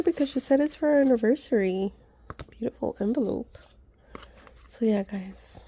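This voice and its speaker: A woman chatting excitedly to her viewers as she unboxes gifts, gushing and talking to her audience. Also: on the high side, moderate pace, a little hiss or hum. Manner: gushing, chatty, many gasps and asides to viewers. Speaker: vlogger.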